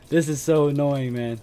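A young man giving casual, excitable commentary over a shooter game, cursing freely and tagging "man" onto his lines. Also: medium pitch. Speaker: gameplay commentator.

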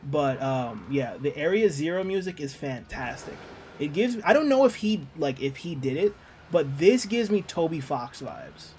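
A man's voice: fairly high pitch, sing-song, normal speed, a little mellow, a little hiss or hum. A man streaming a video game, chatting casually and joking with his viewers as he plays. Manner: chatty, joking, talks to chat and reads out messages. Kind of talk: casual chat while playing a game.

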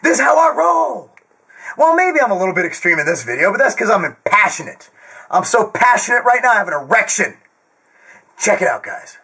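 Loud, screaming, profane fitness ranter. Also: male voice, high voice, slightly rough, rough recording. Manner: jokey, crude asides. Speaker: host of a fitness Q&A channel. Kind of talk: ranting direct-to-camera monologue.

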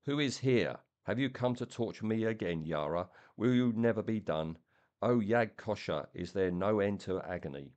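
A man's voice: lowish voice, lively intonation, moderate pace, a little mellow, lo-fi sound, pitched above the performer's own voice, lightly acted. A man voicing an ancient, blind, tortured male elephant-headed being who speaks in a pleading, faltering way. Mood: anguished.

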